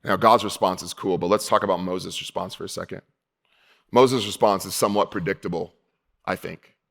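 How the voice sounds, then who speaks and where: A male pastor preaching a sermon in a casual, conversational way, slowing down for emphasis and dropping low and quiet on key points. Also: fairly even intonation, creaky. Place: church hall.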